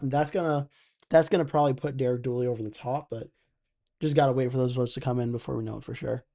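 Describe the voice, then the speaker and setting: On an election night live stream, a young male host chats easily at a typical middle pitch. His voice is warm and mellow, and between updates he muses aloud while reading out comments from viewers.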